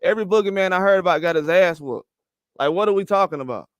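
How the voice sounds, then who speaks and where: An older man rants heatedly about boxing, swearing often and firing the same questions again and again. His voice sits high and sounds smooth and clear. The recording is dry, with no room sound. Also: fast talker, no echo, muffled recording. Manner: fired up, profane, repeats rhetorical questions. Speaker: boxing commentary host. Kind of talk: heated opinion rant.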